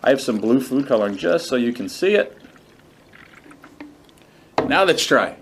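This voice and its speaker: A man's voice: mid-range voice, sing-song, a little slow, noisy background. A man hosting a science demonstration show, explaining step by step with enthusiasm. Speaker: science demo host. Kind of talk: upbeat educational demonstration.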